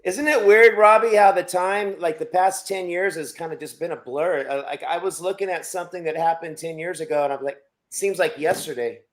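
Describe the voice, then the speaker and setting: A man talks casually in an interview in a friendly, chatty way. His voice sits a bit higher than most men's, and he keeps throwing questions to the others. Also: fairly even intonation, fairly quick, few pauses. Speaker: guest musician.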